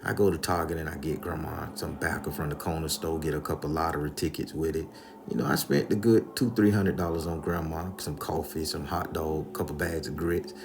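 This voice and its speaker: Gravelly, profane male storyteller. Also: extremely low pitch, fairly even intonation, a little fast, background noise. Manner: casual, profane, addresses listeners directly. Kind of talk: comedic spoken storytelling.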